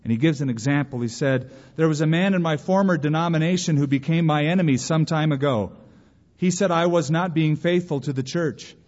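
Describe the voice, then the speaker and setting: A man's voice: fairly high pitch, fairly quick. Man preaching in a reverberant hall. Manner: animated preaching with acted-out quotes. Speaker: pastor. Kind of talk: sermon. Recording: muffled recording in a reverberant hall.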